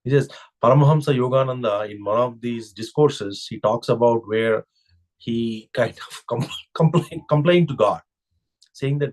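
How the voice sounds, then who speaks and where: A man's voice: medium pitch, normal speed, a little mellow. Male spiritual teacher, mid-range voice, reflective discourse style, leans on rhetorical questions.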